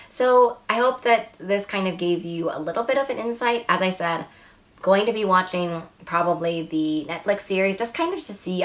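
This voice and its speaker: Casting: woman vlogger, lowish voice, rambling, frustrated review. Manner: rambling, frustrated, lots of filler words. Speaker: book reviewer. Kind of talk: casual vlog review.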